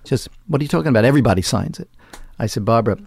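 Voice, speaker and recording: A man's voice: mid-range voice, animated, racing, vocal fry, a little mellow, husky, no room sound, studio quality. A man telling a long anecdote in an interview, acting out quoted lines in other voices. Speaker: interview guest. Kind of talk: conversational storytelling.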